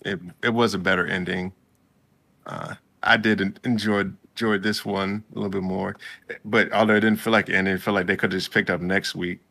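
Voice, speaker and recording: A man with a very low, gravelly voice and a bright, forward edge, talking in an easygoing way. He chats casually as a co-host, slipping into characters' lines as he recaps. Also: fairly even intonation, a little fast. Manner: laid-back, acts out characters' lines while recapping. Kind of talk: casual chat.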